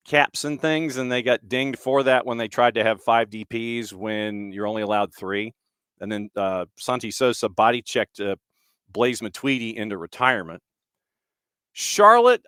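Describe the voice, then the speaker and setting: A man's voice: mid-range voice, fairly bright tone, smooth, dry recording, studio quality. A man hosting a soccer talk show, giving casual, opinionated commentary and asking rhetorical questions. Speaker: soccer podcast host.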